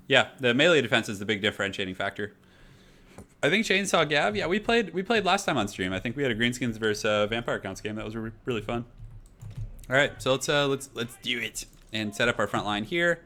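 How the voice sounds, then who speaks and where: A young man casually chatting through a live gaming stream, reading out viewer messages in a relaxed, rambling way at a desk microphone. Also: medium pitch. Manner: relaxed, chatty, reads chat aloud.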